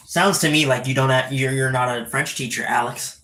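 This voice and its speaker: A man's voice: on the high side, steady tone, brisk, few pauses, fairly bright tone. A young man chatting casually on a live stream, reading chat aloud and acting out animals.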